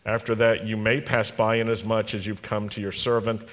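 A man's voice: fairly low pitch, flat delivery, moderate pace. A man preaching as a rabbi, talking straight to the congregation in a conversational, teasing way, recorded in a congregation hall. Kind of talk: sermon. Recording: long reverb in a large hall.

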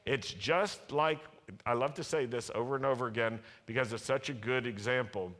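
A male pastor delivers a sermon in an earnest, emphatic way, circling back to repeat his key phrases. His voice sits at an ordinary middle pitch. It rings out with a long hall reverb. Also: normal speed, a bit bright. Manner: earnest, emphatic preaching with repetition.

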